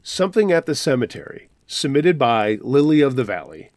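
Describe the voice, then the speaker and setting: A man reading listener-submitted scary stories aloud in a measured, dramatic storytelling manner. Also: medium pitch, big pitch swings, no echo. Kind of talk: scripted storytelling narration.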